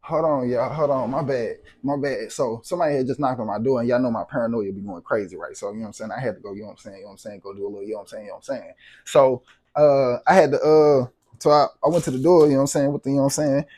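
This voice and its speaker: A man's voice: mid-range voice, racing, warm tone, dry recording. A man vlogging to camera, venting in a heated, profane, repetitive way.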